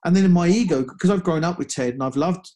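A man's voice: high voice, darkish tone. Male guest, casual storyteller, stops and restarts often. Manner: halting, many restarts and fillers. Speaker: guest speaker.

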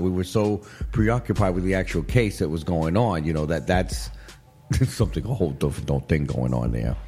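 Lively low-voiced man hosting a casual studio chat. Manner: rambling, laughing, repeats "you know what I mean". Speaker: show host. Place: studio with guests. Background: faint music.

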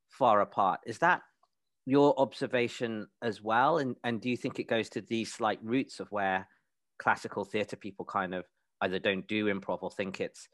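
A man's voice: fairly low pitch, a bit bright, no room sound. A man interviewing a guest, asking long, winding questions.

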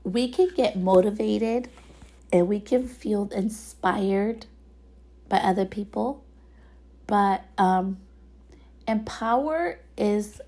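A woman hosts her own podcast from home, and her voice is raspy today. She talks in a loose, chatty, motivational way, full of fillers, at a middle pitch. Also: takes it slowly, long pauses, warm tone. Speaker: podcast host. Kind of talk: casual solo podcast monologue.

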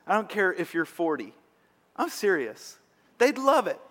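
A man's voice: high voice, sing-song, a little slow, fairly bright tone. A man preaching a sermon as pastor, earnest and emphatic, with rising bursts of energy. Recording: long hall reverb.

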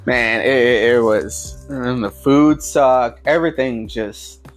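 A man telling a jail story in casual chat, swearing a lot and acting out other people's shouting in a high, loud voice. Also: slow pace, soft background music. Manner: animated, acts out voices shouting at high pitch; heavy swearing, slangy.

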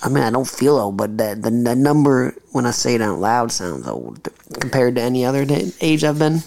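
Animated, swearing storyteller man in his thirties. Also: medium pitch, a little fast, gravelly. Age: 30s. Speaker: podcast co-host. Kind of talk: casual podcast chat.

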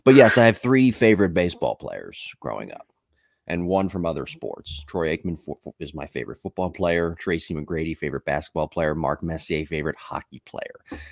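A man's voice: rumbling low, lively intonation, brisk, gravelly, no echo, clean studio sound. A man hosting a podcast in casual chat, telling rambling stories with many fillers and asides. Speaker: podcast host.

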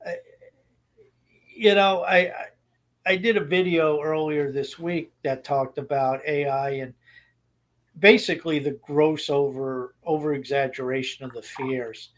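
A man with a fairly high voice talks on a podcast, rambling with frequent restarts. He gives blunt opinions in a relaxed, conversational way. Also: unhurried. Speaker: podcast co-host. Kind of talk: casual opinionated chat.

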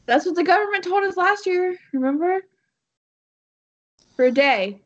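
A woman's voice: very high-pitched, lively intonation, moderate pace, highs cut off. A woman co-hosting a podcast, telling a story in casual chat with lots of fillers and laughs. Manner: rambling with many fillers and laughs. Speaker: podcast co-host.

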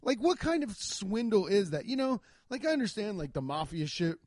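A young man spins a long, rambling story, swearing freely and staying laid-back. His voice sits a little high. The sound is dry and close, with no room around it. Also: sing-song, normal speed, a little mellow, no echo. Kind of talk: casual comedic storytelling.

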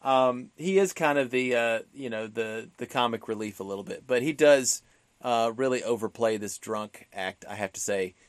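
A man's voice: mid-range voice, moderate pace, no echo. A man co-hosting a podcast, talking casually about an old film with many fillers and restarts. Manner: chatty, many fillers and restarts, acts out quotes. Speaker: podcast co-host.

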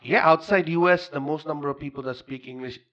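Bangladeshi guy hosting a podcast, slangy and animated, lots of laughs, kinda muffled audio. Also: fairly high pitch, quick pace. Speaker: podcast host. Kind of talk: casual chat.

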